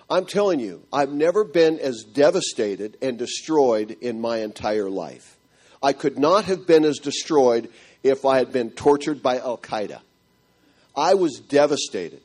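A middle-aged man telling a church audience his marriage story in an animated, storytelling way. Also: medium pitch, moderate pace, breathy edge. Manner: animated storytelling, acting out quotes. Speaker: speaker giving a marriage testimony.

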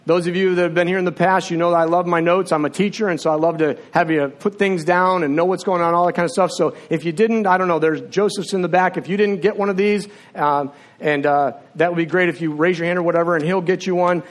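Fairly high-voiced man preaching a sermon. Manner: conversational storyteller, drops to a low hushed voice in prayer. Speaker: teacher. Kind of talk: sermon with personal storytelling and prayer. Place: church sanctuary with seats. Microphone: filmed on camera while preaching.

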